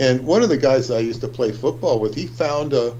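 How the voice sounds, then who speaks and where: A man co-hosting a livestream discussion, speaking in a measured, deliberate way. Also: mid-range voice, animated, mellow, lo-fi sound, slight background noise. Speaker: livestream co-host.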